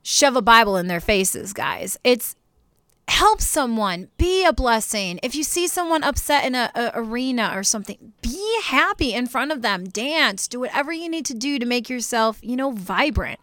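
A young woman chats on her podcast, telling lively stories and laughing often. Her voice is bright, clear and a little higher than most. She also gives faith-based encouragement to listeners, recorded close and dry. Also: normal speed, dry recording. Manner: animated storytelling with laughter. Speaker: podcast co-host. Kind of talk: casual chat.

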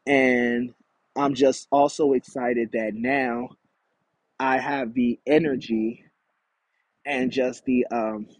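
A man with a husky voice hosts a solo podcast, rambling on in a frank and confessional way. He sits outdoors in a backyard, and his voice sounds dry and close, with no room echo. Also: mid-range voice, fairly even intonation, slow, long pauses. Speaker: podcast host. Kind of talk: candid solo podcast monologue.

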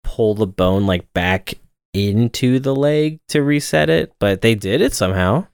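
A man's voice: on the low side, gravelly, smooth, no echo, studio quality. Laid-back man co-hosting a podcast. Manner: relaxed, laughs often, quick asides. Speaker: podcast co-host. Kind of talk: casual film recap chat.

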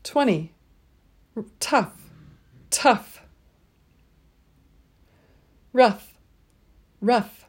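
A woman leading a pronunciation drill, saying each word twice and pausing so listeners can repeat. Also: fairly high pitch, animated, a little mellow, breathy edge. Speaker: pronunciation teacher.

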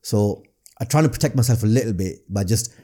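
Fast-talking Northern English man, dark tone. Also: on the low side. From Northern England. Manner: rapid, repeats words when restarting. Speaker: comedian guest. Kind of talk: casual podcast chat.

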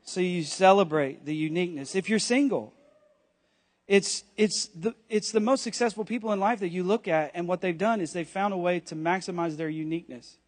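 A man preaching a sermon in church, animated and jokey, with quick asides to the congregation. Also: high voice. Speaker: pastor.

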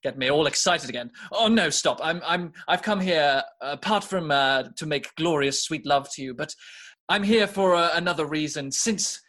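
A man's voice: on the high side, moderate pace, fairly bright tone. A man playing a brash, pompous schemer who puts on a fake British accent in an improvised comedy soap.

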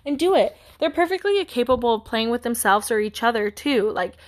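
A woman's voice: on the high side, lively intonation, fairly quick. A young woman hosting a podcast, talking in a candid, rambling, encouraging way with many "like" fillers. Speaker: podcast host. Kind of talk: casual motivational monologue.

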